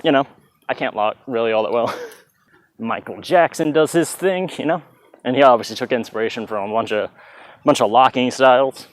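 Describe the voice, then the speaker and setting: Casual dance teacher, loose and chatty, scats the beat while demonstrating, mid-pitched male voice. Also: normal speed, dry recording. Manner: chatty, loose, vocalizes beats with "bah". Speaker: dance instructor. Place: outdoors in hot weather. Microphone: plugged-in mic, sometimes stepping away.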